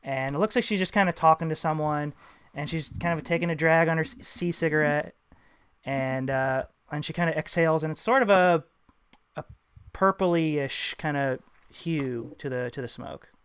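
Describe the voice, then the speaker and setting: A man's voice: a little high, normal speed, fairly bright tone, smooth, no echo. A man narrating a tabletop game as game master, rambling and full of fillers.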